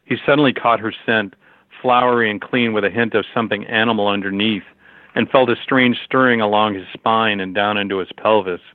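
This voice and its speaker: A man narrating a story in a steady, measured reading over a tinny phone-like line. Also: on the low side, dry recording.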